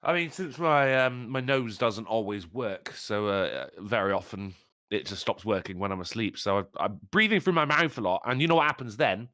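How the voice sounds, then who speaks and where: A man's voice: on the low side, expressive, normal speed, bright, forceful tone, no room sound, clean studio sound. A man co-hosting a podcast, chatting casually and teasing his co-host with plenty of swearing. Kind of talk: casual chat.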